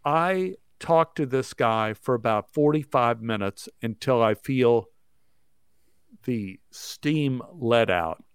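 A man, an actor, telling a story in a rapid, breathless way and acting out what people said. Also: medium pitch, animated, smooth, no room sound, studio quality. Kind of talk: animated anecdote telling.

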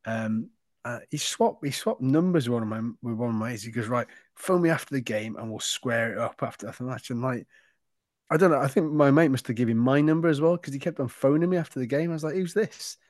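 A man's voice: medium pitch, fast, a little mellow, no echo. A man co-hosting a football podcast, casual and chatty as he tells a story with the odd swear word. His voice sits in a middle range. The sound is close and dry. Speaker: podcast co-host. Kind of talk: casual chat.

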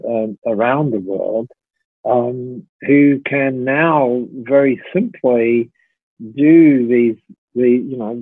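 A middle-aged man, a company founder, tells a story as a podcast guest, chatty and full of fillers and restarts. His medium-pitched voice has a breathy edge, and the dry recording sounds tinny, like a phone line.

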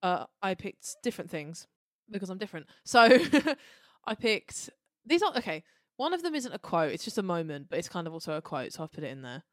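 A woman co-hosting a podcast in casual chat, animated and jokey, often quoting lines in a high put-on voice. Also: brisk, hardly any pauses, dry recording, studio quality. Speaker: podcast co-host.

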